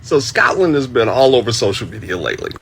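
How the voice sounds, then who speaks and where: Travel-vlog narrator, male, upbeat scripted read, bright and forward with a husky edge. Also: medium pitch, very animated, fast. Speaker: travel vlogger.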